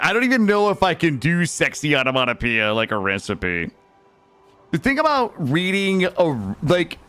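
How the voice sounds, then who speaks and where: A man's voice: on the high side, fairly bright tone. A young man streaming a game, chatting playfully with his viewers and swearing casually. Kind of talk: casual gaming stream chat.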